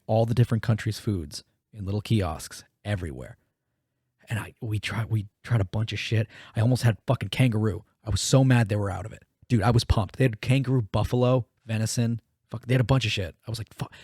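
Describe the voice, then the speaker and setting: A man's voice: on the low side, mellow, slightly rough, no echo, clean studio sound. A man co-hosting a podcast, telling a story in casual, profane chat and acting out the quotes. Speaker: podcast co-host.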